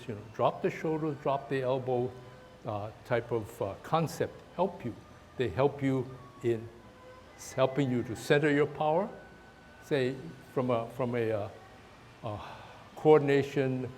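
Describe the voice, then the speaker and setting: A man teaching a tai chi class in a park, talking haltingly with many restarts while he demonstrates the moves. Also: medium pitch, a little mellow, a little hiss or hum. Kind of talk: outdoor class instruction. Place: park, outdoors.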